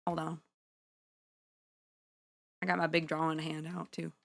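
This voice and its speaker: A woman's voice: sits low, level tone, measured pace, gravelly, a bit bright. A woman from Washington State chatting casually with her viewers while she draws on a livestream, playful and chatty, sometimes slipping into a put-on Southern drawl. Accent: put-on Southern US drawl for part of the stream. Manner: chatty and playful, talks straight to viewers, laughs often. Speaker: livestreamer and artist. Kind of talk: casual chat while drawing on stream.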